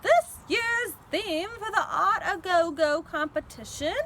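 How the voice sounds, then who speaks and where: A woman voicing a cheery female librarian making a loud announcement over a loudspeaker. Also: very high-pitched, animated, a little slow, noisy background, pitched above the performer's own voice, heavily acted. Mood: announcing.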